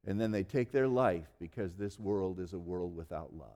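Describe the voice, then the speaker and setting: A male pastor preaching a sermon in earnest, slowing down and dropping almost to a hush to stress key words. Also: deep voice. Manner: earnest preaching, slows and drops to near-quiet for emphasis.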